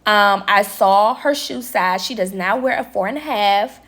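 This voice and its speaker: A young woman vlogger telling a story in casual chat, talking straight to her viewers and quoting people in lively voices. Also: mid-range voice, a little slow. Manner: chatty, addresses viewers as y'all, quotes people with lively voices. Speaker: vlogger and nail tech.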